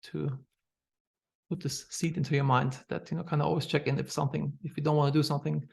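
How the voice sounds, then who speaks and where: A man with a German accent speaks in a husky, slightly higher voice with a gravelly edge. He tells personal stories candidly, filling gaps with ums and restarting his sentences. He sounds like a startup founder talking on a video call. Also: flat delivery, fast, darkish tone. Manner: candid, anecdotal, frequent fillers and restarts. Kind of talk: masterclass talk.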